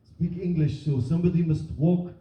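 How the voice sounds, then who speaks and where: A man's voice: a little high, moderate pace, mellow, lightly acted. A comedian voicing a distraught refugee man pleading dramatically for help, in a roomy live venue recording. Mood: grave. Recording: roomy live venue miked from far, dull.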